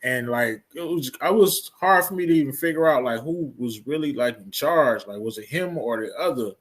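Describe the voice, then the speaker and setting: A man with a Southern US accent chimes in on a casual episode review, his voice a little husky. He reacts in an animated, laughing way, and his pitch jumps around a lot as he talks. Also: moderate pace. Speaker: podcast co-host.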